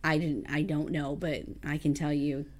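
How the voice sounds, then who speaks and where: A woman in casual chat about a movie, laughing easily and chiming in with quick agreement. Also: low-pitched, level tone.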